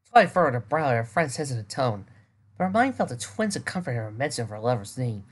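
A woman's voice: extremely low pitch, big pitch swings, fast, husky. A woman reading fan fiction aloud, with small stumbles and restarts. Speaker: reader.

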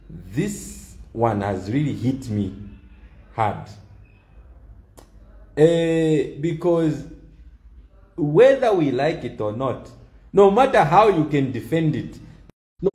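A man's voice: medium pitch, big pitch swings, slow pace, long pauses, warm tone, roomy sound. A man giving an opinion monologue, emphatic and repeating key lines for stress. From Zambia. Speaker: political commentator.

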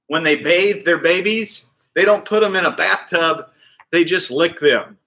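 Bright, upbeat male PE coach. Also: sits high, lively intonation, a little slow. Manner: upbeat, counts out reps and cheers on kids by name. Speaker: PE coach hosting a kids' class. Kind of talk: live online kids' exercise class.

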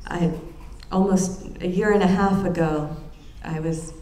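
A woman giving an academic lecture in an earnest, reflective way, often pausing and restarting her phrases. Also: fairly low pitch, fairly even intonation, dark tone. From United States. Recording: roomy lecture room with faint ambience.

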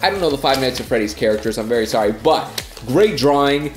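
A young man vlogging about his fan mail with a stuffy nose from a cold, gushing with excitement. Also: medium pitch, fast, roomy sound, faint music behind. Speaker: YouTuber. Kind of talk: casual vlog reading fan mail.

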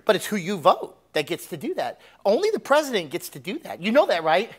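Animated preacher man. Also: a little fast, slightly rough. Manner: animated, swings between loud emphatic and low asides. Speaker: pastor. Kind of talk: sermon.

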